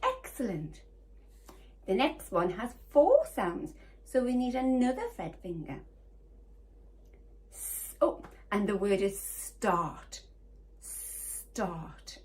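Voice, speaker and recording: A woman with a medium-pitched, darkish voice teaches phonics to young children, very animated as she sounds out letters one by one. She is slow, sing-song, and encouraging, and the lesson is recorded at home or in a classroom for home learning.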